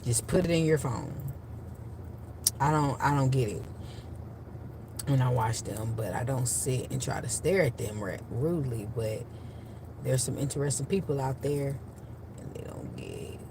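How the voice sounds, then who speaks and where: A woman who works in childcare telling casual stories to the camera, animated and emphatic, leaning on "literally" and "you know" as she acts out her own comebacks. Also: extremely low pitch, moderate pace, vocal fry, background noise. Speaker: vlogger and childcare worker.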